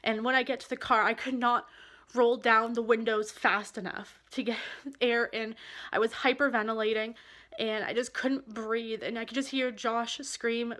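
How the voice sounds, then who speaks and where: A woman vlogger recounting a personal experience straight to the camera. Her voice sits a little high, and she speaks earnestly, pausing and restarting as the feeling catches up with her. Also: steady tone, a bit bright. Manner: earnest, halting, emotional. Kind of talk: candid personal storytelling.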